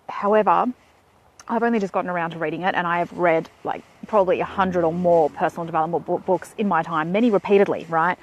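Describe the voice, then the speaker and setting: An Australian woman in her thirties, chatting playfully on a Facebook live stream while she walks outdoors, talking into a phone held at arm's length. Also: fairly low pitch. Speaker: vlogger. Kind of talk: casual Facebook live chat. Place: outdoors in shade.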